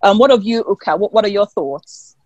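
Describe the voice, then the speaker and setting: A webinar host moderates a panel over a video call. The delivery is thoughtful and searching, full of small restarts. The sound is dry and close, at an ordinary middle pitch. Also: animated, fairly quick, darkish tone, no echo, highs cut off. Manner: thoughtful, with restarts and frequent affirmations.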